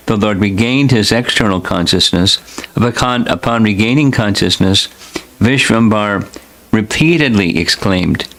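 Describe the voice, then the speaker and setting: A man who is a spiritual teacher, reading scripture aloud in a slow, deliberate, devotional way. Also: on the low side, fairly bright tone, low-quality recording.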